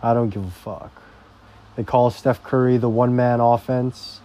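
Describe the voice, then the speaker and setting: A young vlogger rants casually, drifting slowly from one topic to another and swearing heavily. His mid-range voice sounds steady and dark.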